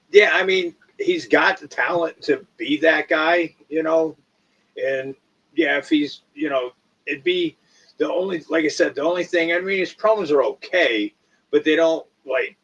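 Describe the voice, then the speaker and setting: A middle-aged man with a husky voice who speaks hesitantly and fills his talk with filler words. He sits off the mic, and his sound comes through dull and lo-fi. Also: fairly high pitch, a little slow, fairly bright tone, recorded from a distance. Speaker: podcast guest co-host, former wrestler. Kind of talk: casual wrestling podcast chat.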